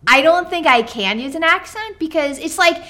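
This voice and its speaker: A woman's voice: very high voice, lively intonation, moderate pace, pushed and bright. A woman co-hosting a podcast in casual chat, upbeat and giggly, with lots of "like". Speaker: podcast co-host. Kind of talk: casual chat about a card game.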